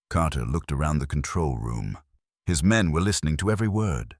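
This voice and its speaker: A man narrating a scripted horror story in a grave, measured way. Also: very deep voice, lively intonation, no echo, clean studio sound.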